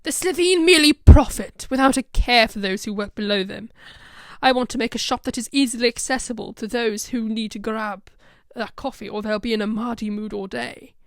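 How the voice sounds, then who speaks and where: A woman's voice: a little high, brisk, fairly bright tone, dry recording, studio quality. A woman reading the part of a boastful, sneering male alien villain who plots to enslave humans, in a storybook reading. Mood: scheming.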